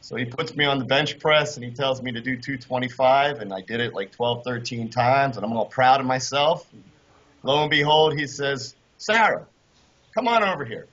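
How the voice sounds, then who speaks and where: A man being interviewed, telling a story in an animated way and acting out the people in it. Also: mid-range voice, moderate pace. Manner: animated, acts out quoted voices. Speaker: guest, former kayaker. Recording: dull lo-fi audio.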